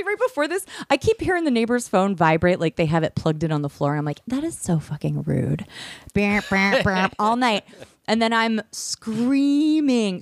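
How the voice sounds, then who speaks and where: A woman telling a story in casual podcast chat, lively and swearing freely, acting out what she said back then. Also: medium pitch, no room sound, clean studio sound. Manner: animated, swears freely, acts out her own screams and quotes.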